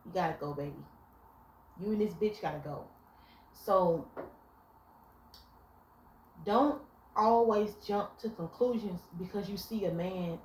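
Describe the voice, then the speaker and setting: A young woman with a lowish voice gives blunt, profanity-laced relationship advice on a casual vlog, telling her stories with animation. There's slight background noise, and the room sounds echoey with faint ambience.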